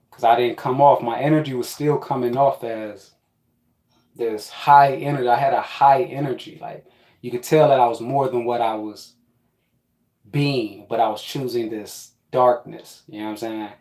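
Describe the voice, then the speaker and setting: A man tells a rambling, profane story about his past in a casual monologue. His voice sits at an ordinary pitch for a man. The room around him is echoey. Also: normal speed. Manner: profane, rambling, animated with quoted asides.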